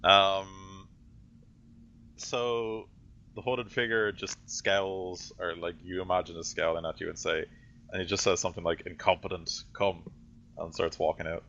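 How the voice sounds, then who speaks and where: A man's voice: low voice, little pitch movement, measured pace, vocal fry, sharp tone, lo-fi sound, a little hiss or hum. A man narrating a tabletop role-play game as game master, rambling through his descriptions with lots of fillers and self-corrections.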